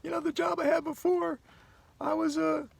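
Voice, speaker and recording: Man putting on a high giggly woman shopper. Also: level tone, moderate pace, gravelly, full character voice. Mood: amused. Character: cheerful chatty woman shopper.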